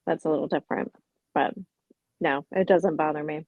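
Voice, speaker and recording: Woman, very low voice, calm and matter-of-fact, dull dry sound. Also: normal speed, no room sound. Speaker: podcast co-host. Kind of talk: casual chat.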